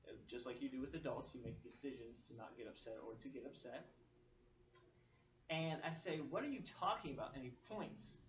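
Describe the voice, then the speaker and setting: A man in his thirties giving a keynote speech, telling a story with lively acted-out dialogue. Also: mid-range voice, normal speed. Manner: animated, acting out dialogue. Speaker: keynote speaker. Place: speech venue. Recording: echoey hall, mic far off, faint noise.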